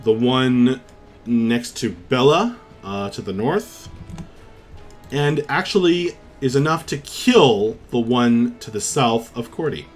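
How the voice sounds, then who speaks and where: A man runs a tabletop game as dungeon master, his pitch rising and falling in animated sweeps as he describes the action. He narrates vividly and leans on fillers along the way. Faint music plays behind him. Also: slow.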